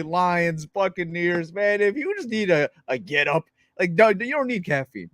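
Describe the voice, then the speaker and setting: A man's voice: high-pitched, unhurried, hardly any pauses, dry recording, clean studio sound. Hyped-up man hosting a football podcast. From United States. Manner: excitable, laughs often, reads lists. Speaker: podcast co-host. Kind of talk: sports podcast chat.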